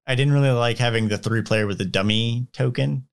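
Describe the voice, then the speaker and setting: A man's voice: mid-range voice, a little fast, gravelly, clean tone. A man co-hosting a podcast in casual chat, talking hesitantly with frequent restarts. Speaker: podcast co-host.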